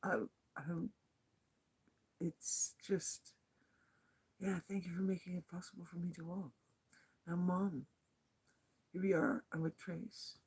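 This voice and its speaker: A woman's voice: on the low side, little pitch movement, slow pace, pauses often, a little mellow, breathy edge. A woman recording a casual video diary as a walking pilgrim, talking in a rambling, heartfelt way with many fillers and restarts.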